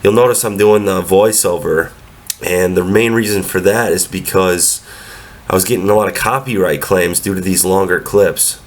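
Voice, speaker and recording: A young man narrates over his own training clips in an easygoing, matter-of-fact way. His voice is deep and sits fairly level, with little rise and fall. A cold has left him sounding stuffed up through the nose. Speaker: powerlifter vlogger.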